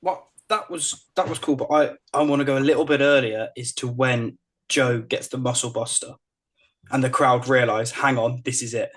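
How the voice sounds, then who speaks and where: A man's voice: mid-range voice, steady tone, normal speed. A man co-hosting a wrestling podcast, laid-back and teasing, laughing often. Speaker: podcast co-host. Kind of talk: casual wrestling review chat.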